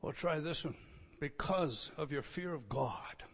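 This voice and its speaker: A man preaching an expository sermon, emphatic, moving between loud declarations and quiet asides. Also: on the high side, animated, moderate pace, husky, big-room sound.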